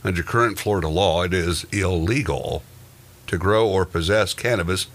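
A man with a very deep voice reads quirky news items aloud. He turns them into casual, joking banter with his co-host. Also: normal speed. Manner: reads odd news items then jokes about them.

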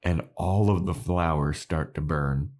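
Low-voiced man recapping a show. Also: darkish tone. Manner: loose scene-by-scene recapping with laughs. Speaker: podcast co-host. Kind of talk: casual chat.

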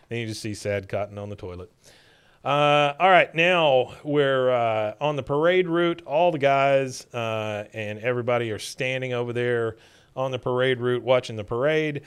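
A man's voice: medium pitch, normal speed, a bit bright, smooth. A man retelling a cartoon episode scene by scene in a casual chat, now and then mimicking the characters' lines. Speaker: podcast host recapping episodes.

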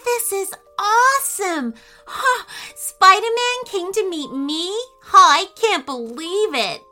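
An excited little boy with a high, bouncy voice that leaps all over the place, put on by a woman reading a children's story. He squeals with breathless wonder at his hero, in bright, crisp tones over faint music. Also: takes it slowly, heavily acted. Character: excited little boy, wide-eyed superhero fan.

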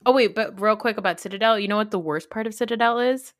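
A woman's voice: mid-range voice, quick pace, no room sound, clean studio sound. A woman in her thirties co-hosting a casual pop-culture gossip podcast, talking frankly and rambling, swearing freely. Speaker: podcast co-host.

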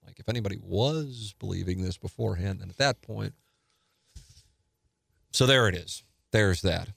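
A man hosting a podcast, talking casually in an animated, rambling way with many fillers. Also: on the low side, normal speed, gravelly, long pauses, no echo, clean studio sound. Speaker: podcast host. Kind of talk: casual solo podcast talk. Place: studio.

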